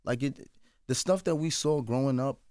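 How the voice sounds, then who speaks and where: A man's voice: medium pitch, moderate pace, no echo, clean studio sound. Emotional man telling family stories. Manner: animated, acts out quoted family voices. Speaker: guest. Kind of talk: candid personal storytelling. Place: radio studio. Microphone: studio microphone.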